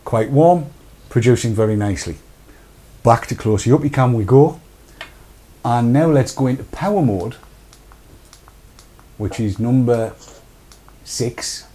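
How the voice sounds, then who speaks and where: A man's voice: mid-range voice, measured pace, long pauses, dark tone, breathy edge. A middle-aged man from Britain hosting a casual live-stream chat, jokey and rambling, reading viewer comments aloud. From United Kingdom. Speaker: show host.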